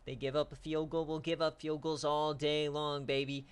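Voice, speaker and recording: A man giving loose, excitable live-stream commentary on simulated football games, cheering, trash-talking and dropping casual slang. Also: fairly high pitch, moderate pace, clean tone. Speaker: online dynasty league streamer.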